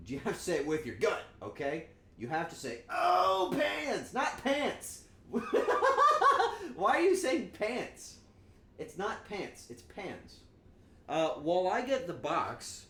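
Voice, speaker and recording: A man's voice: medium pitch, a little hiss or hum. A man casually chatting with his viewers on a cooking stream, playful and joking. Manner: playful, joking with chat, animated outbursts. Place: home kitchen. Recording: echoey room, faint ambience.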